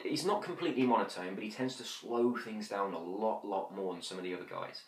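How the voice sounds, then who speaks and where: Brief: male instructor, lowish voice, fast and chatty, slight room echo. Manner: quick, chatty, frequent fillers; drops to slow whispery demonstrations. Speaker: hypnosis instructor. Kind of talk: conversational teaching. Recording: roomy echo.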